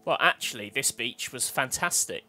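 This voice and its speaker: A man's voice: mid-range voice, lively intonation, moderate pace, pushed and bright, soft background music. A man co-hosting a let's play, chatting casually and joking with his co-host as he plays. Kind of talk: casual gameplay chat.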